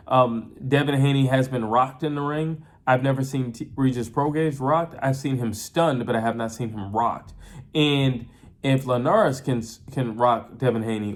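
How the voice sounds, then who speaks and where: A man talking through an upcoming boxing match in a loose, unscripted way. He circles back, restarts phrases and leans on fillers. His voice sits at an ordinary middle pitch. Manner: chatty, repeats and restarts often, uses filler like "you know". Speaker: boxing commentator. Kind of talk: casual fight breakdown.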